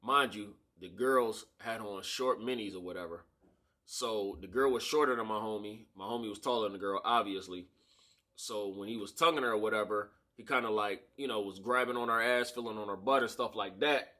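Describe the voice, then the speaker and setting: A man telling a story in a casual storytime vlog, slangy and animated, acting out the people in the story, recorded on a camera-mounted shotgun mic. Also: lowish voice, brisk. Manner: animated, slangy, acts out the voices of people in his stories.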